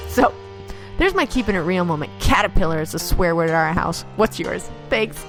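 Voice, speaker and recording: A woman's voice: fairly low pitch, lively intonation, a little fast, over music. A woman in her thirties hosting a podcast, telling stories in an upbeat, casual way and acting out the voices of people she quotes. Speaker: podcast host. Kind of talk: casual storytelling monologue.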